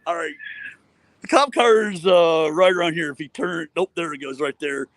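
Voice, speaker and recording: A man's voice: fairly high pitch, lively intonation, moderate pace, no room sound, low-quality recording. A man live-streaming outdoors on a headset, joking around and mocking himself as he stages a silly street stunt. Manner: goofy, self-mocking, rambling. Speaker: livestreamer staging a mock audit. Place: outdoors on a city street by concrete.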